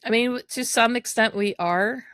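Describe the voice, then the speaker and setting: A woman co-hosting a podcast, guiding the conversation in a measured way and recapping earlier episodes. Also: a little high, a bit bright, dry recording. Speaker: podcast co-host. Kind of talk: candid personal conversation.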